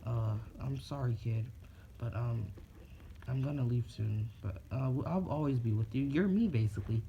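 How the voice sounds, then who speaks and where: A man's voice: medium pitch, moderate pace, creaky, a little hiss or hum, natural voice. A man voicing a brash young male ninja hero who speaks casually. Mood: earnest. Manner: casual, laid-back, teasing. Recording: dull lo-fi recording.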